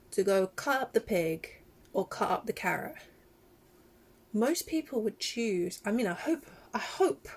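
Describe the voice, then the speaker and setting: A woman vlogger talking casually in a reaction video, emotional and animated, laughing often. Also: medium pitch.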